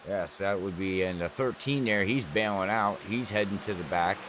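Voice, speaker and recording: A man giving color commentary on a sim racing event, rambling through relaxed analysis. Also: deep voice, normal speed, noisy background.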